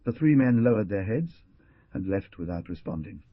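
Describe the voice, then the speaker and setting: A man narrating an audiobook in a dramatic, animated reading. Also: lowish voice, normal speed, no room sound. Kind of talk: scripted narration. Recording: dull dry lo-fi recording.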